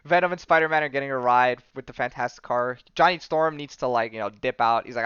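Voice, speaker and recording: A man's voice: medium pitch, fast talker, fairly bright tone, clean tone, no echo, muffled recording. A man hosting a podcast, casually retelling a comic story with lots of fillers and frequent laughs. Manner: rambling, many fillers, laughs often. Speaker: podcast host. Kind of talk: casual comic-book recap.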